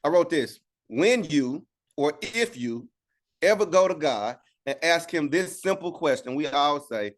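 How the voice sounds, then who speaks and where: A man's voice: fairly high pitch, expressive, unhurried. A man teaching an informal Bible study on a video call, talking conversationally and asking "right?" again and again. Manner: conversational, repeats "right?" for agreement.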